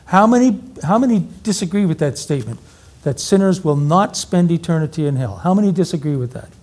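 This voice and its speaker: A man's voice: fairly high pitch, expressive, fairly quick, a little mellow. A middle-aged man preaching an interactive teaching sermon, energetically quizzing the audience with questions.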